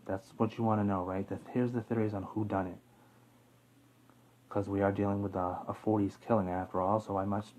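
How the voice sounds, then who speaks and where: A man's voice: on the low side, little pitch movement, a little fast, darkish tone, rough recording. A man hosting a casual true-crime video, rambling with fillers, self-corrections and the odd chuckle. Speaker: YouTube true-crime host. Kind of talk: casual off-the-cuff talk to camera.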